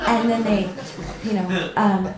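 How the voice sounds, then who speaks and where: A woman performing a stand-up comedy set, deadpan with sudden loud outbursts. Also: mid-range voice, slow, roomy sound, a crowd in the background.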